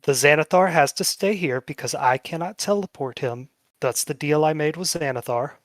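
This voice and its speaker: A man narrating a tabletop game as game master, casual and swearing freely, slowing down for dramatic moments. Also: fairly high pitch, no room sound, clean studio sound.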